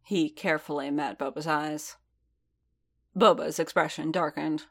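A woman reads a fan-written story aloud, steady and unhurried. Her voice sits low and carries a gravelly fry. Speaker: reader. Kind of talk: fan fiction audiobook narration.

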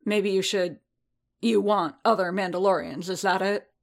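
A woman reading the lines of an angry, hurt helmeted warrior man in a rough, snapping tone. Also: mid-range voice, fairly even intonation, moderate pace, lightly acted.

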